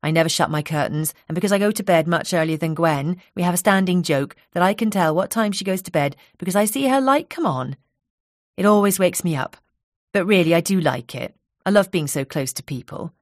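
A woman reading aloud gives a chatty young hairdresser from the island a lifted, bubbly voice with a soft Isle of Wight burr. She gushes in a friendly, talkative way. The sound is dry and close, with no room around it. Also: fairly low pitch, fairly quick, dry recording, natural voice. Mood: cheerful.

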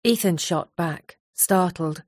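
A woman with a lowish voice narrates a novel. She reads steadily and evenly. The sound is dry and close, with no room at all. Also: slow, darkish tone, no room sound. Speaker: audiobook narrator. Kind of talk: scripted narration.

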